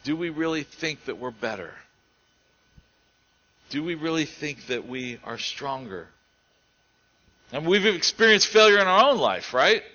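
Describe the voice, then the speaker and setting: Man, preacher, sermon, earnest, bright forceful tone, lo-fi dull recording. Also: mid-range voice. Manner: earnest, rises to emphatic and drops to quiet.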